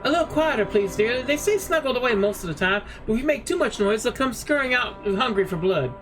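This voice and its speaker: A man's voice: very high voice, animated, brisk. A man voicing a prim middle-aged woman librarian who calls people dearie, sweet but guarded. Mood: sweetly prim. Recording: game music playing underneath.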